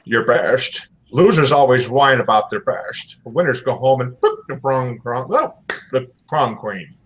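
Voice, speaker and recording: A man's voice: medium pitch, sing-song, fairly bright tone, husky, heavily acted. A man doing a clumsy Scottish film-star impression. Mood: gruff. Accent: mock Scottish. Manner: self-consciously bad impression, halting.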